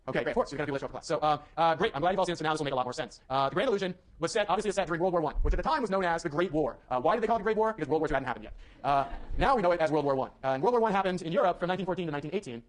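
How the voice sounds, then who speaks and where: A man giving a university lecture, chatty and informal, with many fillers and asides to his students. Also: fairly high pitch. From United States.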